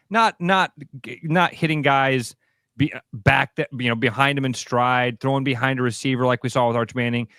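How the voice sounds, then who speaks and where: A man's voice: medium pitch, a bit bright, no room sound, clean studio sound. A man co-hosting sports radio, talking animatedly with frequent restarts and some swearing.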